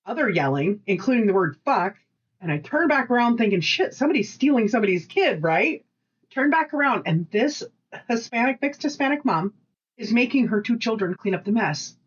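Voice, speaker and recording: A woman co-hosting a casual podcast, telling animated work stories, acting out voices and swearing freely. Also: a little high, a little fast, slightly rough, muffled recording. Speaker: podcast co-host. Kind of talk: casual storytelling chat.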